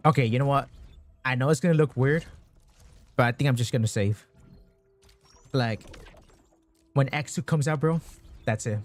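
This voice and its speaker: A man streaming a game, chatting casually with his viewers, swearing constantly and getting excited over his pulls. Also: medium pitch, normal speed, pauses often, no echo. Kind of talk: casual gaming stream chat.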